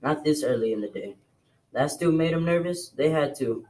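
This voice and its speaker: A scrawny, streetwise woman who mutters out of the side of her mouth in a rough, suspicious drawl, as a man puts her on while reading a storybook aloud. She sounds sly and blunt rather than loud. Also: on the high side, expressive, moderate pace, lightly acted, low-quality recording.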